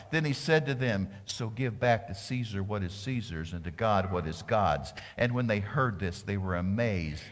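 A man preaching a sermon as pastor, animated, acting out the voices of the people in his story. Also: mid-range voice, big-room sound. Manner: animated preaching, acts out voices of crowds and priests.

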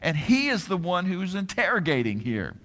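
Lively preacher in a reverberant hall. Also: male voice, high-pitched. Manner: dramatic, drawn-out emphasis, rhetorical questions. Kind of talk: sermon with scripture reading.

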